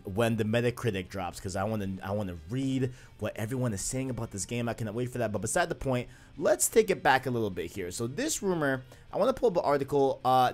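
Chatty, rambling male gaming host. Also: medium pitch. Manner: rambling, chatty, many fillers and restarts. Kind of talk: casual video commentary.

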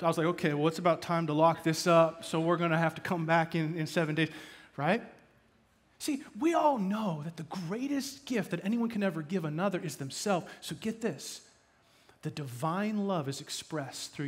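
A man preaching a sermon as pastor, shifting from loud emphatic bursts to hushed asides. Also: a little high. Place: church.

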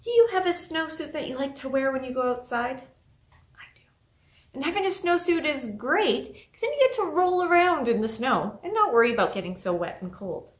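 A woman librarian leading a children's story time alone in an empty library, telling the story in an animated way. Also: high voice, normal speed. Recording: echoey library room.

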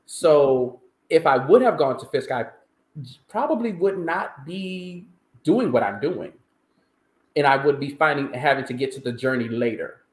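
A male countertenor singer telling his story as an interview guest, animated and emphatic in conversation. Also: mid-range voice, measured pace. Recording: roomy echo.

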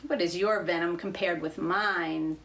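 A woman's voice: on the low side, steady tone, a little slow, a bit bright, recorded from a distance, low-quality recording. A woman voicing a bragging snake in a storybook fable. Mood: boastful. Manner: boastful. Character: boastful snake.

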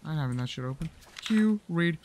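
A man narrates his own horror game playthrough in a loose, crude, profanity-heavy way. He mutters mocking asides and silly jokes to himself as he goes. His voice sits a little on the high side. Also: lively intonation, fairly quick, a little mellow, a little hiss or hum. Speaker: gaming channel host.

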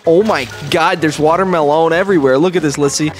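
A young man hosting a gaming video, teasing and joking, bursting into high screams when chased. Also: fairly quick, few pauses, music in the background. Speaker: gaming channel host. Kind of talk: playful Let's Play banter.

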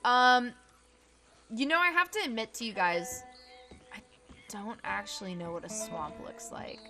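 A woman's voice: on the high side, measured pace, music in the background. A woman streaming her first playthrough of a game, reacting with panicky exclamations and self-mocking chatter. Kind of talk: live gameplay reaction.

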